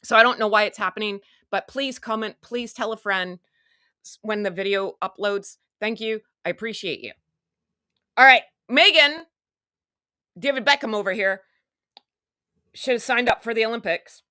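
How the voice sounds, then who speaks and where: A woman's voice: a little high, moderate pace, pauses often, pushed and bright, no room sound, studio quality. A woman hosting a casual live stream, talking in a sarcastic, rambling, chatty way. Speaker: online show host.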